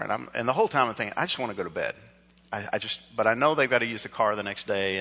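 Male pastor telling a funny story in his sermon, bright punchy voice, long echo like a big church, kinda muffled recording. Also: on the low side. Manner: animated, self-mocking storyteller who acts out dialogue. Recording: dull recording with long hall reverb.

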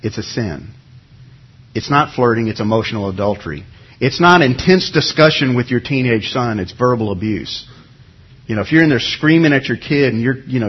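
A man's voice: mid-range voice, animated, moderate pace, husky, highs cut off. A middle-aged man, a pastor, preaching a sermon in a conversational way and acting out everyday excuses as little quotes.

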